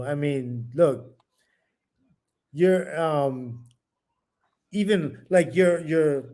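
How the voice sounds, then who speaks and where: A man co-hosting a casual boxing chat show. His voice sits a little high. He pushes back in a relaxed way and laughs easily. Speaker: podcast co-host.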